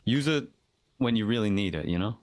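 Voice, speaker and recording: Relaxed male player, low pitch, easygoing delivery. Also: a little fast, no room sound, clean studio sound. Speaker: role-play player. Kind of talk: casual game chat.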